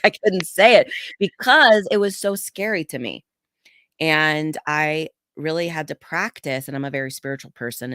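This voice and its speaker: Woman coach on a podcast telling her own story, earnest, smooth clear voice, dry close sound. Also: no echo. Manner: earnest storytelling, acts out quotes with animated pitch jumps. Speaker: podcast guest, communication coach. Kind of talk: candid podcast conversation.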